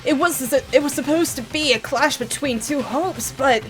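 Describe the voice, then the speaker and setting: A woman's voice: high-pitched, moderate pace, over music. A woman hosting a let's play, reacting emotionally to a story game and swearing freely. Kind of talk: casual gameplay commentary.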